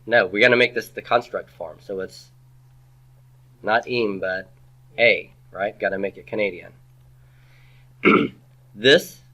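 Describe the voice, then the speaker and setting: A man lectures a classroom, his voice bright and forceful over a somewhat dull, muffled recording. He keeps quizzing his students with rhetorical questions and slips in playful asides. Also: lowish voice. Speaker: Hebrew grammar teacher.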